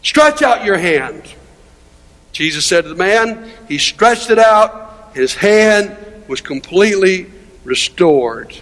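A male pastor preaches a sermon in a high-pitched, sing-song, slightly bright voice at a slow pace. He's emphatic and conversational, posing rhetorical questions to his listeners, with the long reverb of a large hall behind him.

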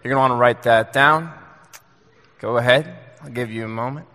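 A man preaching a sermon to a congregation in a relaxed, joking, conversational way. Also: mid-range voice, normal speed, long reverb tail. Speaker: pastor. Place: church sanctuary.

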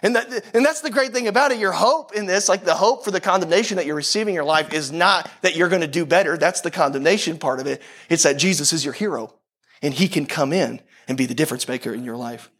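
Preaching in an easygoing, chatty way, this high-voiced pastor keeps repeating his lines for emphasis. He talks fast, and his tone is fairly bright.

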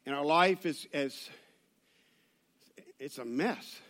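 A man preaches a sermon to a church congregation. His voice sits high for a man. He talks in a loose, conversational way, with joking asides and rambling restarts. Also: slow, a bit bright. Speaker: pastor.

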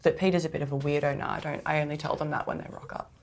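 Australian woman co-host, chatty and self-mocking, slightly low pitch. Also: fairly even intonation, rapid-fire, creaky. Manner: chatty, self-deprecating, laughs often. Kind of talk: casual podcast chat.

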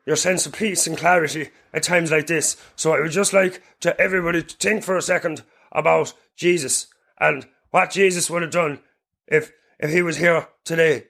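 Priest, earnest live-streamed sermon, gravelly edge, bright tone. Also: male voice, on the high side.

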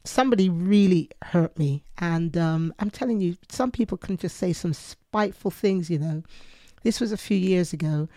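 A woman with a fairly low voice recorded close and dry. She co-hosts a Christian podcast. She tells personal stories earnestly and quotes her prayers aloud. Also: normal speed, dark tone, dry recording. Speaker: podcast co-host.

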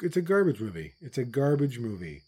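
A middle-aged man from with its holds forth in loose podcast chat. His voice is dark and mellow, and he rants bluntly, swearing freely as he goes. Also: mid-range voice, sing-song, fairly quick, slightly rough. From Newfoundland, Canada. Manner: blunt, profane ranting. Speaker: podcast co-host. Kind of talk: casual chat.

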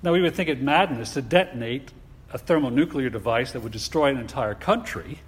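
A man preaching a sermon in a deliberate, emphatic way, asking his listeners rhetorical questions. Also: medium pitch, animated, slightly rough. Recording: long hall reverb.

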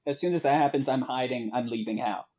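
A player at a tabletop game with a slightly husky, mid-range voice. They talk in a laid-back, dry way. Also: medium pitch, fast talker, mellow. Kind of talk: casual tabletop game chat.

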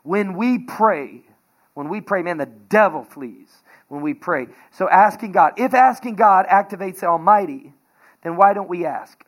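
A man preaching a sermon as pastor, energetic and conversational, telling everyday stories with laughter. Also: sits high, a little slow.

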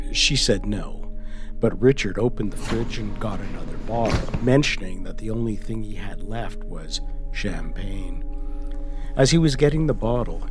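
A man narrating a scripted horror story, slow and measured, often dropping to a hushed whisper. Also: lowish voice. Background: music.

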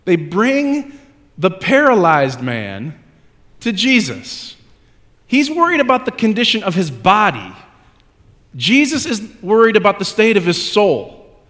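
High-voiced male pastor in a hall. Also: huge pitch swings, a little slow, a bit bright. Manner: conversational, self-deprecating, builds to emphatic repetition. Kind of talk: sermon.

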